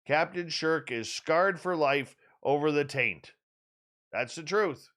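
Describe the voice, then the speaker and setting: A man's voice: on the high side, takes it slowly. A man hosting a radio talk show, chatting casually and joking as he teases a regular listener. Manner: joking, teasing, animated. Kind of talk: casual chat.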